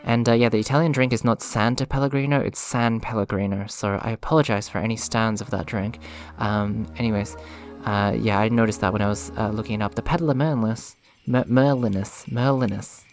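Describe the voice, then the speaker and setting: A man's voice: fairly low pitch, brisk, hardly any pauses, soft background music. Rambling, joking male gamer. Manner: rambling, self-deprecating, laughs at own jokes. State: voice slightly worn. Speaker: let's play gamer. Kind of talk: casual gameplay commentary.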